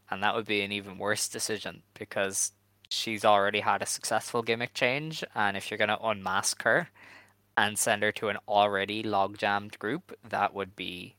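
Bright-voiced male podcast host, dry mic. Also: on the low side, no room sound, poor audio. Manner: hedging, relaxed, filler-heavy. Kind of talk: casual chat.

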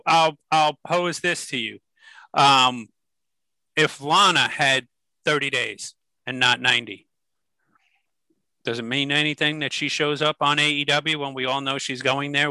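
A man's voice: fairly high pitch, pushed and bright, no room sound, rough recording. A man co-hosting a podcast, posing questions and building his argument in casual chat. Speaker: podcast co-host.

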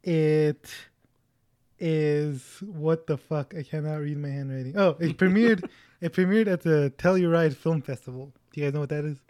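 A man's voice: on the high side, normal speed, darkish tone, no echo, studio quality. A man of about twenty hosting a podcast in casual chat, rambling and self-mocking. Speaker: podcast host.

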